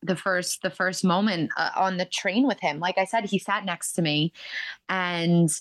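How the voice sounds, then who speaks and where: A woman guest on a podcast, telling stories in a chatty, animated way, full of "like" and "um". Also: on the low side, measured pace, no room sound. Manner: chatty, animated, many fillers like "like" and "um". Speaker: podcast guest, reality show contestant. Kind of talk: casual storytelling interview.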